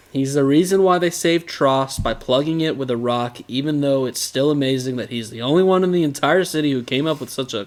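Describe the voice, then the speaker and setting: A man co-hosting a casual podcast, recapping an episode with a teasing, sarcastic edge and jokey asides. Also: mid-range voice. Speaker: podcast co-host.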